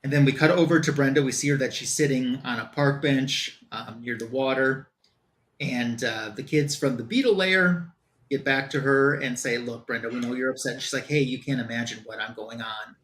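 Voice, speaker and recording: A man's voice: mid-range voice, moderate pace, fairly bright tone. A man on a comic book show, casually recapping a plot in loose quoted dialogue with lots of fillers.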